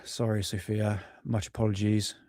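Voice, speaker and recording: A man's voice: fairly low pitch, little pitch movement, normal speed, darkish tone, a little hiss or hum. A man casually hosting a live stream, rambling, apologizing often and swearing offhandedly. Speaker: livestream host.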